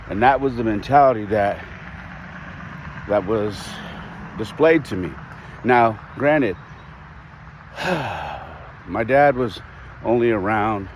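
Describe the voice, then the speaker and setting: Deep-voiced man telling a personal story. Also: a little hiss or hum. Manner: candid, reflective, with restarts and sighs. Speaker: podcast host.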